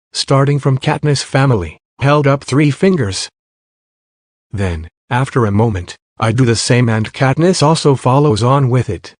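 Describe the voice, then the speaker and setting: A man narrating fan fiction aloud in a steady first-person storytelling voice. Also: medium pitch, no echo, clean studio sound.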